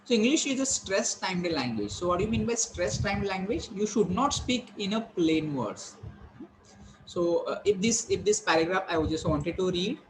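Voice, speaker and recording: A man's voice: high voice, lively intonation, slight background noise, low-quality recording. Indian man teaching English pronunciation. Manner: explains step by step, repeats key points, slows to stress words. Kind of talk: classroom lecture on pronunciation.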